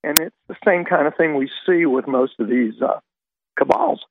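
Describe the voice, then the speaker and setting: A man's voice: fairly high pitch, moderate pace, background noise. A man from Florida calling in to a radio show, laying out history point by point in a conspiratorial way. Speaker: caller. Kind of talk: phone-in caller commentary. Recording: tinny gravelly phone line.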